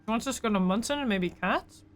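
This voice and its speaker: A woman's voice: fairly high pitch, quick pace, soft background music. A woman streamer chatting casually as she plays, thinking aloud and talking to her viewers. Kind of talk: casual gameplay commentary.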